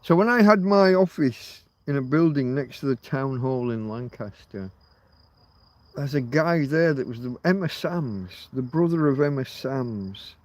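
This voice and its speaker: A man's voice: medium pitch, expressive, a little slow. Rambling middle-aged man musing aloud. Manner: rambling, muses aloud and swears casually. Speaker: livestream host. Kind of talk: rambling casual livestream chat.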